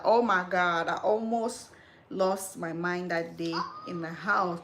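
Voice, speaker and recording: A woman in her thirties hosting a live stream, telling a personal story in an animated, chatty way. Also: lowish voice, measured pace. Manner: animated storytelling, calls listener "girl". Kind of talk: casual live-stream chat.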